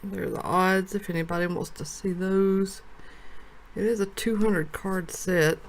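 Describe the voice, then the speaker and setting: A woman from a card shop talking casually as she opens a box of trading cards, thinking aloud, her voice low with early morning. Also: fairly even intonation, measured pace. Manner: chatty, thinks aloud while sorting cards.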